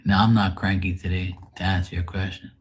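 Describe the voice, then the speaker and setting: Man, low pitch, husky, livestream host, rambling casual chat, frequent throat clearing. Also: little pitch movement, a little fast.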